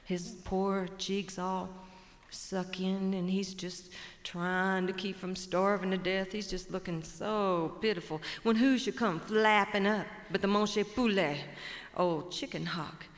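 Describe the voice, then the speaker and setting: A woman's voice: medium pitch, a little slow. Woman, Cajun accent, live storyteller and emcee, folksy, stage microphone, long hall reverb. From Cajun Louisiana. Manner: lively, folksy, warmly engaging the audience.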